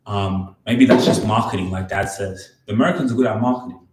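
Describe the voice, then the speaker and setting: A young man co-hosting a casual podcast with his father, joking and rambling in quick bursts. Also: on the low side, a little mellow. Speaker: podcast co-host, son. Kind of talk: casual chat. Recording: echoey room, background noise.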